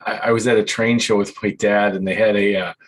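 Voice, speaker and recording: A man with a fairly low voice chats loosely on a hobby podcast. He rambles, restarts his sentences and drifts into laughter as he tells stories. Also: flat delivery, a little fast. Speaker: podcast host. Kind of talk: casual chat.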